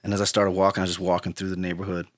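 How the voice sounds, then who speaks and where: A man's voice: deep voice, rapid-fire, no echo, clean studio sound. A man talking as an interview guest, telling a personal story in an earnest, reflective way. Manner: earnest, reflective, drifts into lively retelling. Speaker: guest musician. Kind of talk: storytelling conversation.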